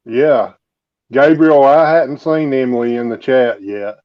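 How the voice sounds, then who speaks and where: Slow-talking man co-host, dull sound. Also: mid-range voice, no room sound. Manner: brief interjections, welcomes viewers. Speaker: livestream co-host. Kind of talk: casual livestream chat.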